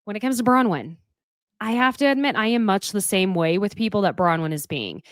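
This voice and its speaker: A woman giving a casual, opinionated recap of a reality show, candid and quick to swear. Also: medium pitch, animated, dry recording.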